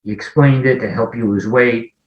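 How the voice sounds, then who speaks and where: A man in his forties sharing a personal recovery story in a conversation, talking haltingly, often restarting sentences and acting out remembered dialogue. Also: medium pitch, steady tone. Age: 40s. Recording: echoey, muffled lo-fi audio.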